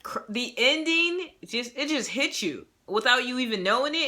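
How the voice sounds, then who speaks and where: A woman's voice: mid-range voice, animated, a little fast, hardly any pauses, bright, forceful tone. A young woman giving a casual movie review, gushing and rambling, laughing and acting out her own reactions. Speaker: movie reviewer and self-published author.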